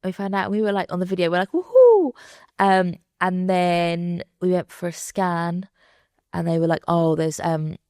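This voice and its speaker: A woman's voice: on the low side, monotone, a little fast, darkish tone, clean tone, no room sound, studio quality. A woman in her thirties, a podcast guest talking candidly and chattily, with lots of fillers, acting out what people said to her. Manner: chatty, lots of fillers, acts out quoted voices. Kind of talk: candid conversational chat.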